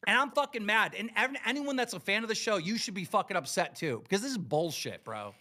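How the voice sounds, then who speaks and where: Furious high-voiced man ranting. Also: lively intonation, fairly quick, bright, forceful tone. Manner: angry, profane, emphatic. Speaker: livestream host. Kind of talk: heated livestream rant.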